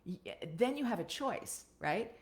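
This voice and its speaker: On a live webcam stream, an American woman gives a relaxed voiceover coaching talk, her voice pitched fairly high and very animated. She takes her time, chatting easily and capping her points with "right?"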